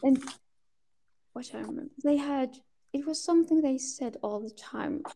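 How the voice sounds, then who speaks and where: Swedish-accented woman, slightly high voice. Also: dark tone. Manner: halting, restarts while searching for words. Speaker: guest. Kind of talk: casual podcast chat.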